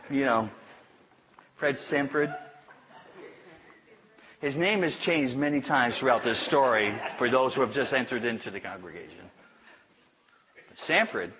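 Guy preaching a sermon story, chatty, laughs at himself, goes soft on the sweet parts, kinda muffled lo-fi sound. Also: on the high side, background noise. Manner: chatty, self-amused, drops to a hush for tender lines. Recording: dull lo-fi sound.

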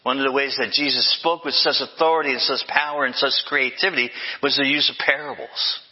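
Older male pastor, emphatic sermon delivery with refrains; husky tone, muffled hall recording. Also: mid-range voice, steady tone, brisk. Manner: emphatic, with repeated refrains and self-corrections.

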